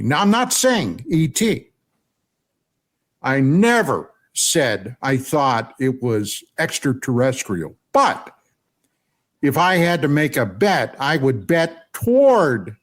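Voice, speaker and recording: Slow, animated older man telling a story. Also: a little high. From Pennsylvania, USA. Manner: animated storyteller, often asks "okay?". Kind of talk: telling a personal story on radio.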